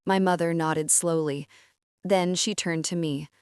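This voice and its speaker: Woman narrator, lowish voice, even measured delivery, dry close recording; scripted story read. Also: smooth, no echo.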